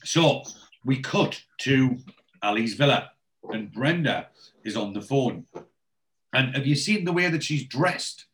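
A man's voice: medium pitch, animated, slow, pauses often, a bit bright. A man with a rambling, chatty manner, casually recapping a TV episode as a podcast co-host.

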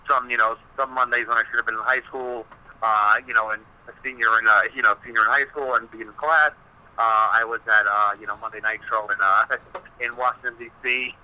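A man's voice: on the low side, sharp tone, rough recording. A man, a wrestling personality, telling stories in a casual podcast interview, rambling with many fillers and swearing freely.

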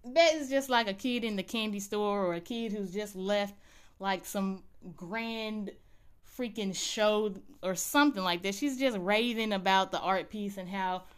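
Animated woman recapping a show for viewers; smooth, resonant tone. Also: mid-range voice, measured pace. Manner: animated, chatty storytelling. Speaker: TV recap vlogger. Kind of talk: casual episode recap.

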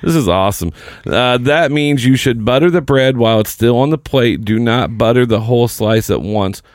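A man's voice: medium pitch, moderate pace, no room sound. A man co-hosting a casual chat, reading a list aloud with joking, swearing asides. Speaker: co-host.

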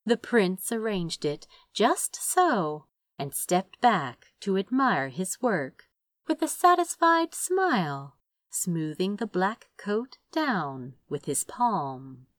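A woman narrating a story in an unhurried, measured way. Her pitch rises and falls freely as she tells it, and the recording is dry and close with no room sound. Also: very animated, no room sound. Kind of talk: audiobook narration.

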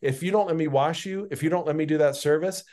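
A man teaching on a Bible passage in a conversational, animated way, with casual asides. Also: fairly high pitch, fast talker.

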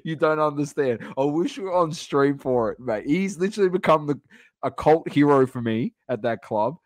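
A man's voice: on the high side, lively intonation, moderate pace, no room sound, clean studio sound. A man co-hosting a casual sports podcast, rattling off football scores and laughing often. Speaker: podcast co-host.

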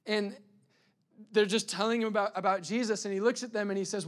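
A male pastor delivers a sermon in a high, bright voice, speaking a little fast and with energy. He trips over words, restarts them, and erupts in sudden loud bursts.

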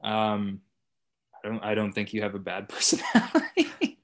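A man's voice: on the low side, huge pitch swings, normal speed. A young adult man guesting on a podcast in casual chat, laid-back and swearing freely. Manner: laid-back, swearing, mock-enthusiastic bursts.

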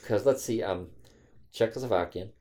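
A man co-hosting a podcast, chatting casually and telling stories in a blunt, crude, deadpan teasing way. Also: on the low side, moderate pace. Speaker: podcast co-host. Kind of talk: casual podcast chat, storytelling.

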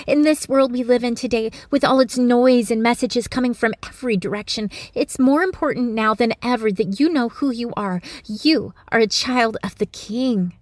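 A woman giving a Christian devotional message with gentle, earnest encouragement, speaking close to the mic. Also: a little high, no room sound. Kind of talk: devotional teaching.

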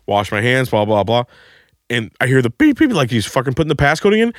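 A man co-hosting a podcast, telling a crude comedic story and shouting the quoted lines. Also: medium pitch, sing-song, a little fast, no echo, studio quality.

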